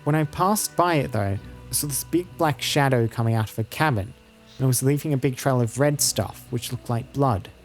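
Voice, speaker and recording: A man's voice: medium pitch, moderate pace, soft background music, close to an everyday voice. A man voicing an earnest, frightened young farm girl in a computer game, pleading to be believed. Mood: earnest, scared. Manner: pleading, insistent.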